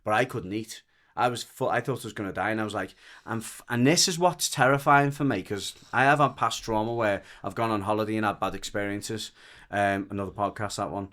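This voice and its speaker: Rambling Merseyside man, low-pitched voice. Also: a little fast, a bit bright. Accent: Merseyside English. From the Wirral, England. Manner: rambling, frank, restarts often, swears. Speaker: dog trainer and podcast guest. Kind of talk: casual storytelling chat.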